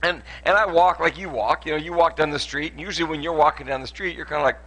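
A man's voice: on the high side, fast, a bit bright, low-quality recording. A man, a pastor giving a playful sermon with a live demonstration, joking and laughing often with lots of restarts, in a church auditorium.

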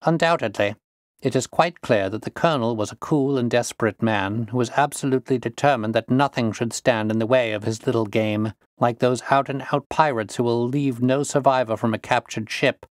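A man reading the part of a calm, confident detective who explains his reasoning in measured tones. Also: medium pitch, no echo, clean studio sound, natural voice. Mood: assured.

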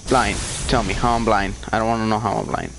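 A man's voice: fairly low pitch, fairly even intonation, fast talker, vocal fry. A man narrating his own online gameplay, swearing, taunting opponents and ranting in frustration. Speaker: gamer playing online. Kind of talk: live gameplay commentary. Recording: noisy gameplay capture.

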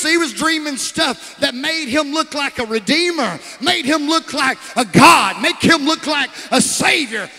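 A preacher with a high, bright, ringing voice, working the congregation with shouted lines and sudden hushed asides. His sermon carries a long reverb through a large church hall. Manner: calls out to the congregation.

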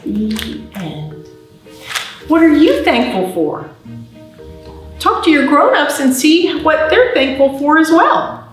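Animated librarian woman, very echoey room. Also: high-pitched, a little slow, soft background music. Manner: sing-song, exaggerated storybook delivery. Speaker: children's librarian. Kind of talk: storytime reading and singing for babies. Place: library, roomy space. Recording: very echoey room, mic at a distance.

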